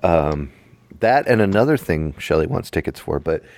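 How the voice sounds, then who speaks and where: A man's voice: sits low, lively intonation, moderate pace, creaky, a little mellow, no echo. A middle-aged man co-hosting a casual chat, easygoing and rambling with fillers. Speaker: podcast co-host.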